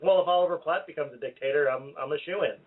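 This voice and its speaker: A man co-hosting a comedy radio show, talking quickly in a slightly high voice. He throws in short, dry, teasing quips. The sound is thin and tinny, like a phone line. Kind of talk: casual comedic radio banter.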